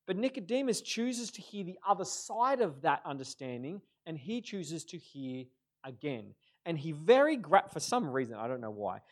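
A man preaching a sermon, animated, moving between loud emphatic bursts and quiet, drawn-out phrases. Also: on the high side.

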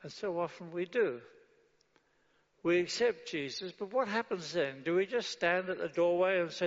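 Heard with dull sound and a long hall reverb, a high-voiced man preaches a sermon at normal speed. He poses rhetorical questions and answers them with a firm no, then leads the congregation in reading a prayer aloud.

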